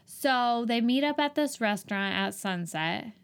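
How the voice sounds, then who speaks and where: A woman's voice: on the high side, lively intonation, unhurried, vocal fry. A woman co-hosting a casual movie chat, sarcastic and exasperated. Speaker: podcast co-host reviewing a movie.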